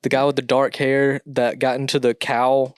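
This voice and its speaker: A young man hosts a casual podcast chat and reads out questions in an easygoing way. His replies are short and relaxed. His voice sits at a middle pitch, recorded dry and close. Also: normal speed, clean tone, dry recording. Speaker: podcast co-host asking questions.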